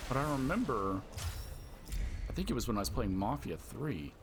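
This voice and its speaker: A man's voice: mid-range voice, very animated, moderate pace, background noise. A man giving casual gameplay commentary, chatty and thinking aloud, his throat dry from having just woken up. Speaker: gamer streamer.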